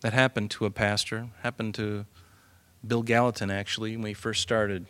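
A man preaching a sermon, lively and animated, swinging from loud emphasis to hushed asides. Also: lowish voice, normal speed, clear, resonant tone, no echo. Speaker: pastor.

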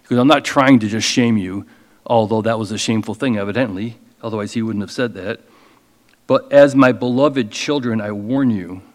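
A man preaching as a pastor, reading scripture slowly with emphasis and then explaining it in a casual, conversational way. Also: lowish voice, in a large hall. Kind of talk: expository sermon.

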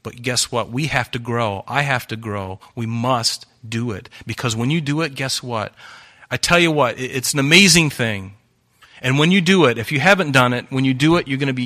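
A man's voice: medium pitch, brisk, sharp tone. A man, a pastor, preaching a sermon, urging his listeners on and repeating phrases for emphasis.

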